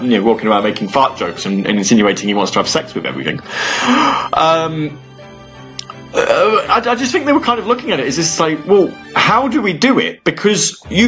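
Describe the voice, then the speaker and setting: A young man hosting a casual radio show alone, rambling with restarts and sighs and sudden animated bursts. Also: mid-range voice. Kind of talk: casual solo radio talk between music. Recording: slightly dull lo-fi audio with faint music.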